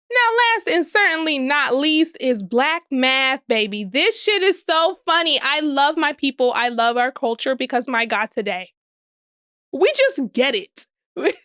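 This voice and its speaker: On her casual solo podcast, a young woman with a high-pitched, slightly bright voice talks sassily, curses, and laughs frequently. The recording is close and dry, with almost no echo from the room.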